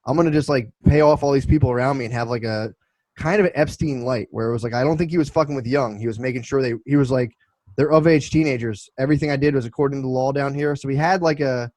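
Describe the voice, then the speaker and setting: A man's voice: mid-range voice, quick pace, darkish tone, no room sound, rough recording. A man in his twenties co-hosting a casual podcast, telling loose, profane stories full of restarts. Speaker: podcast co-host.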